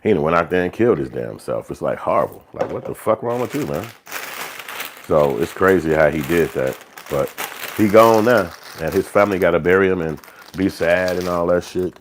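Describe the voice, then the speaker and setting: A man hosts a live stream with a loose, profane, streetwise monologue, casually rambling and slipping into acted-out quotes. His low voice is expressive and at a normal speed, with background noise in the recording.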